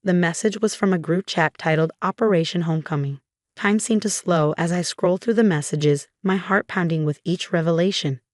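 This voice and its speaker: A woman reading a scripted first-person story as narrator, in an even, measured way. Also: lowish voice, no echo, studio quality.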